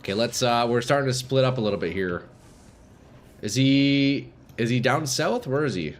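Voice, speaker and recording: A man streaming live gameplay, commenting casually to his viewers and swinging from calm explanation to excited shouting. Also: medium pitch, normal speed. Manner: casual, profane, addresses chat as boys.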